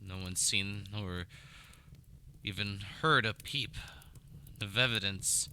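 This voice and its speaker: A man's voice: lowish voice, slow, bright, forceful tone, slight background noise, full character voice. A game master voicing a dry, wry townsman.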